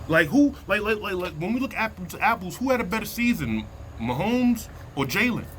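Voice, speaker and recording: A man vlogging a heated sports opinion rant from inside a vehicle, slangy and worked up, repeating himself and sinking into low mutters. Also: very animated, fairly quick, fairly bright tone, slight background noise.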